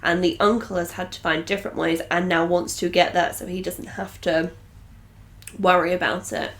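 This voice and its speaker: A woman with a somewhat low voice, chatting with her co-hosts about a TV episode. She sounds eager and keeps building theories as she talks. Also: flat delivery, moderate pace, a bit bright. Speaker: reaction show co-host. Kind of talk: casual chat reacting to a TV episode.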